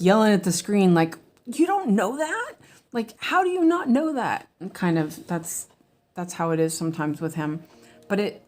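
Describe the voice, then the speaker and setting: A woman chatting casually as she stitches, answering viewers and muttering quietly to herself as she works. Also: lowish voice. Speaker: cross-stitch designer and streamer.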